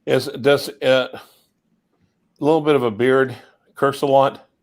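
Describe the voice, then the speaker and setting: A man chatting on a livestream, calmly recounting what he has heard. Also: mid-range voice, a little slow, a little hiss or hum. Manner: easygoing storyteller, relaxed. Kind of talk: casual livestream chat.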